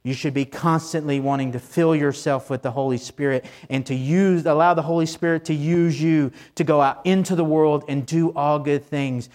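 A male pastor delivering a Sunday morning sermon, excited and emphatic, repeating phrases for emphasis. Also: fairly high pitch, moderate pace, few pauses. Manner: excited preaching with repetitions and rising emphasis.

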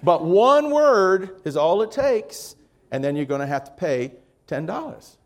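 A man doing a wily pilot's slow sales pitch. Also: very animated, full character voice. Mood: scheming. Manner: slow, drawn-out salesman patter. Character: wily male pilot making a deal.

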